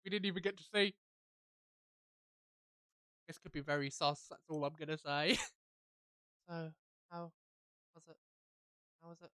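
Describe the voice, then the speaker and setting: A woman's voice: low voice, measured pace, pauses often, a bit bright, clean tone, no echo. A woman, streaming a game and chatting jokily while reading its lines aloud. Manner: chatty, jokey, reads lines in voices. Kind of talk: let's play commentary reading game dialogue.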